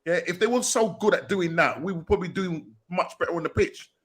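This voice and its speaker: A man chats casually about football on a podcast. His voice sits a little high for a man, and his delivery is chatty, with quick back-and-forth fillers. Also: slightly rough. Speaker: podcast co-host.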